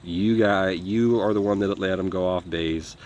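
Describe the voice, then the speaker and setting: A man's voice: deep voice, fairly even intonation, a little slow, a little mellow, dull audio, slight background noise. A man telling a war story in a casual, profane, rambling way, acting out what others said. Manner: profane, rambling, acts out quotes. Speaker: former foreign legion volunteer.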